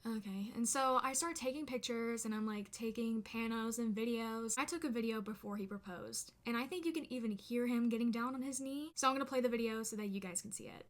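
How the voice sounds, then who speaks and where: Young woman, vlogger, casual storytime, slightly high voice, animated, filler-heavy. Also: brisk, few pauses. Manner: chatty, animated, lots of "like" fillers. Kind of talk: casual storytime chat to camera.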